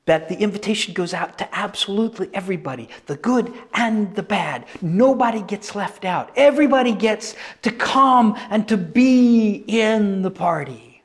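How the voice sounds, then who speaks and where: A male preacher giving a sermon, animated and emphatic, repeating phrases for effect. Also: sits high, normal speed, few pauses.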